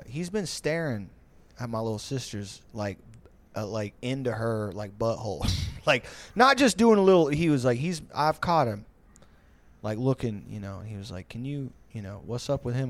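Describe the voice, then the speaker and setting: A man casually telling bar stories on a podcast. His talk is loose and profane, packed with fillers, and he slips into mocking voices for the people he describes. His voice sits at an ordinary middle pitch. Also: lively intonation, normal speed. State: tipsy. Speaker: podcast host. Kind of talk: casual storytelling.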